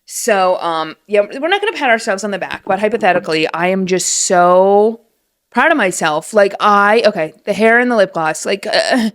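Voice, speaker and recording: A woman in her late twenties hosting her own podcast from home, chatting in a rambling, animated, casual way. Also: mid-range voice, moderate pace. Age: late 20s. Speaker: podcast host. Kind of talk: casual solo podcast chat. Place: room at home. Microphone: set-up podcast mic at home.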